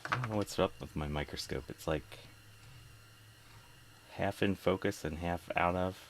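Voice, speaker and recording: A man from South Jersey and Philadelphia hosts a casual live stream while repairing a vintage computer, chatting with viewers, reading their comments, and muttering as he works. His voice sits low and gravelly at a moderate pace, with a little hiss or hum in the audio.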